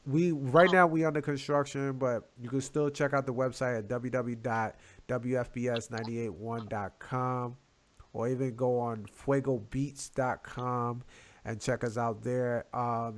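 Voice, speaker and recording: A man co-hosting a casual chat show, talking in a laid-back, slangy way and giving shout-outs. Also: mid-range voice, fairly even intonation, unhurried. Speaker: podcast co-host.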